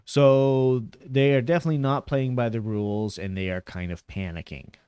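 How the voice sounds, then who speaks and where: A man's voice: medium pitch, steady tone, moderate pace, dark tone, clear, resonant tone, dry recording, studio quality. A man streaming a game, recapping and chatting casually into a headset mic, rambling and laughing often. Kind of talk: casual gameplay commentary.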